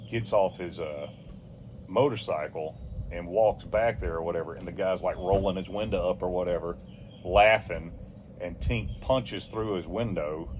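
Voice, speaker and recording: Older man, lowish voice, casual storytelling, swearing, chuckling, mimics voices, faint crickets outdoors. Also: slight background noise. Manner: animated, acts out other people's voices; swears freely, chuckles while telling. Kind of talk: casual anecdote.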